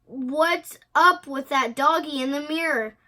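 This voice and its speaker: A woman's voice: sits high, measured pace, bright, forceful tone. A woman voicing a playful little kitten boy who thinks he's a chihuahua, in a storybook read-aloud with a sing-song manner.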